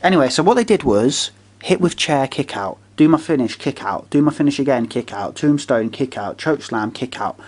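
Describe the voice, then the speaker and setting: A man's voice: medium pitch, animated, normal speed, darkish tone. A man in a casual chat, ranting in an exasperated, profane way.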